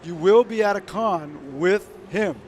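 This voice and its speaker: A man's voice: high voice, a little slow, darkish tone, slight background noise. A man chatting casually and playfully, hyping up the other speaker. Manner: playful, enthusiastic, hypes others up. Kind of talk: casual chat.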